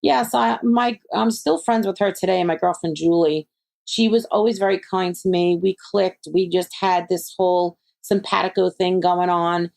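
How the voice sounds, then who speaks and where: A woman's voice: on the low side, normal speed, gravelly, a little mellow. A woman, a psychic medium being interviewed, who talks animatedly and acts out her friends' voices as she tells stories. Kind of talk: conversational interview.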